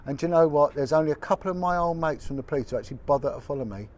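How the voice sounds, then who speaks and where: A man's voice: on the high side, rapid-fire, a little mellow, a little hiss or hum. A man, a former detective giving a blunt, indignant, colloquial video update. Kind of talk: impassioned direct-to-camera update.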